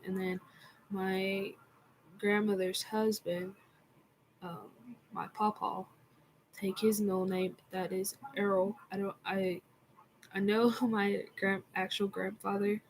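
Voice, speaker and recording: A woman telling a personal story in a casual vlog, in a soft, halting way with frequent fillers. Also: mid-range voice, a little hiss or hum, rough recording. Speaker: vlogger.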